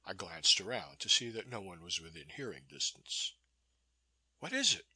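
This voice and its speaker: Husky, forceful male audiobook narrator. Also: deep voice, no room sound. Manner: measured, expressive reading. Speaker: audiobook reader. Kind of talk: scripted narration of a classic novel.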